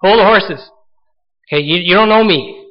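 A man's voice: sits high, normal speed, lo-fi sound, close to an everyday voice. A man acting out a fearful, doubting male biblical warrior who protests, stammers and pleads. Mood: protesting. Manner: protesting, stammering, self-pitying.

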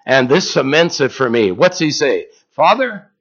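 A man's voice: mid-range voice, expressive, normal speed, highs cut off. A man preaching a sermon in a conversational way, asking the congregation questions.

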